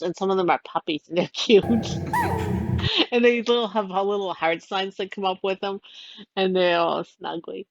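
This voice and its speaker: A woman's voice: medium pitch, moderate pace, muffled recording, over loud music. A woman casually retelling a game's plot, rambling and giggly, full of "like" and little voices for the characters. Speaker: storyteller recounting a game plot.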